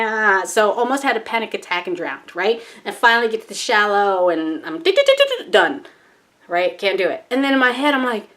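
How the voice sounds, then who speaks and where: A woman's voice: a little high, lively intonation, brisk, fairly bright tone. A woman vlogging in a casual, chatty way, telling a personal story, acting out her own panicky thoughts and laughing at herself.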